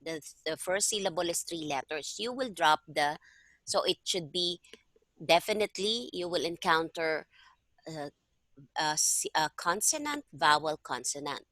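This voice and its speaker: A woman's voice: deep voice, animated, unhurried, a bit bright, dry recording. A woman teaching a one-on-one lesson over a video call, patiently explaining and often checking that her student understands. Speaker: language tutor. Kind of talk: one-on-one online tutoring.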